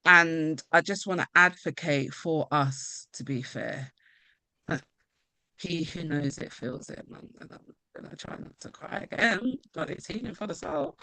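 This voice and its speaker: Slow-talking woman author on a video call. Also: low-pitched, expressive, pushed and bright, no echo. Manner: emotional, halting, with laughs. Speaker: author at her book launch. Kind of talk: casual video call chat.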